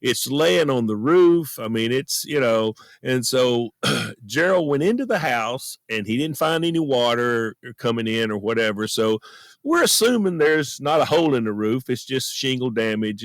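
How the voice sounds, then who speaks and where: Lively-voiced man in a dead closet. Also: mid-range voice, moderate pace, no room sound. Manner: earnest, folksy, self-deprecating. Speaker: podcast host. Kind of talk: personal storytelling monologue. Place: friend's closet at home.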